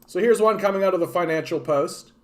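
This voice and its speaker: A man's voice: high-pitched, fast talker. Profane ranting Canadian man. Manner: profane, rambling, sarcastic. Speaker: podcast host. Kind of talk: ranting political commentary.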